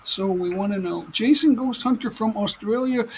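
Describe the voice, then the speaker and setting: An American man hosting a casual livestream chat from home, rambling and halting with many fillers and restarts, sitting a little back from his desk mic. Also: high-pitched, a little hiss or hum, low-quality recording. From United States. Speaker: livestream host. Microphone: desk mic at some distance.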